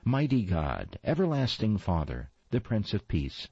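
A prim, know-it-all little girl from a storybook, as a man puts her on. Her voice is lifted above his own, precise and reciting, with a husky grain. The recording is slightly dull and dry. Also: on the low side, wildly swooping pitch, unhurried, darkish tone, no room sound, pitched above the performer's own voice, full character voice.

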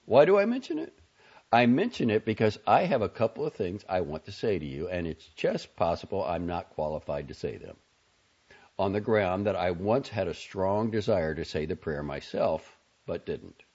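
Teasing outspoken young man in a gravelly low audiobook voice, read by a man, lo-fi. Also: animated, normal speed, darkish tone, full character voice. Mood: earnest. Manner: wry, drawling, sardonic. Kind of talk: audiobook character voice. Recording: dull lo-fi audio.

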